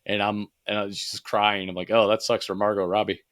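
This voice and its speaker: Bright-voiced man ranting about movies. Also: fairly low pitch, brisk. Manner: profane, animated movie recommending. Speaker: podcast co-host. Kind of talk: casual chat.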